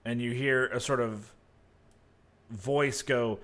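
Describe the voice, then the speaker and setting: Here the game master of a tabletop session talks slowly in a mid-range voice. His narration is laid-back and halting, packed with fillers.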